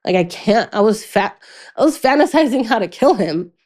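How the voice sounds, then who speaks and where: Halting, soft-spoken young woman recounting. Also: medium pitch, expressive. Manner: halting, with frequent "like" and restarts; quiet and subdued in painful moments. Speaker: podcast guest. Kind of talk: candid personal storytelling.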